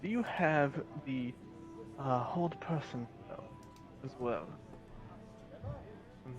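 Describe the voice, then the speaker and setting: A man playing a tabletop game, talking in a hesitant, halting way. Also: medium pitch, highs cut off, over music. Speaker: player. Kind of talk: casual in-character play.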